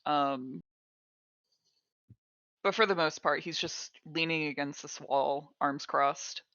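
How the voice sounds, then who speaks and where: Low-pitched, bright-voiced woman player. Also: fairly even intonation, dry recording. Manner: slow, thoughtful, with hesitations. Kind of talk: describing her character in a tabletop game. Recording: dull, dry lo-fi mic.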